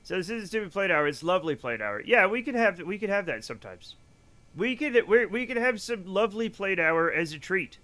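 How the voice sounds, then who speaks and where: A man streaming a video game live, chatting to viewers in an excitable way with loud bursts of enthusiasm. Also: high voice, a little fast.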